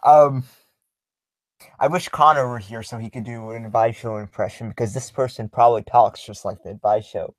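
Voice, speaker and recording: A young man hosting a casual livestream, reading viewer comments aloud in a halting way with many filler ums and small chuckles. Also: medium pitch, fairly even intonation, no room sound, low-quality recording.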